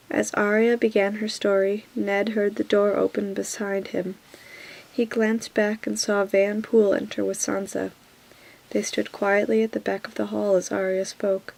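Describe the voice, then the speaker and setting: A woman reading a novel aloud in a soft whispered role-play. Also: mid-range voice, little pitch movement, normal speed, vocal fry, rough recording. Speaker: reader.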